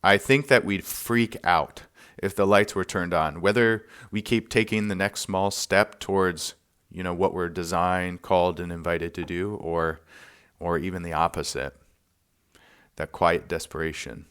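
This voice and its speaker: A man with a deep, smooth voice tells a personal story on a podcast. His delivery is earnest and soft-spoken, broken by short pauses and small laughs. The resonant tone carries the reflective mood. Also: steady tone.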